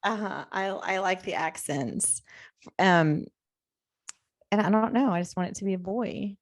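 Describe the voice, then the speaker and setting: A woman's voice: mid-range voice, dry recording, clean studio sound. A woman co-hosting a podcast, chatty and upbeat in casual conversation. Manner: chatty and upbeat, with quick restarts. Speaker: podcast co-host. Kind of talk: casual chat.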